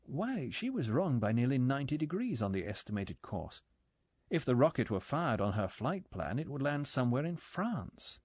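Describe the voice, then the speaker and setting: A man narrating a spy thriller audiobook in a measured, steady storytelling voice. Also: medium pitch, no room sound. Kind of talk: scripted narration.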